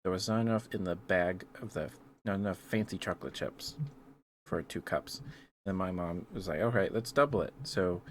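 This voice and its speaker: Young man, low soft voice, rambling ASMR stream chat, hesitant fillers, faint hum behind. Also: fairly even intonation, moderate pace.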